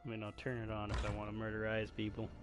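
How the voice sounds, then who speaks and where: A young man giving excitable, jokey commentary while playing a video game. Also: fairly low pitch, very fast, over music. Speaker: gaming streamer. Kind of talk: casual gameplay commentary.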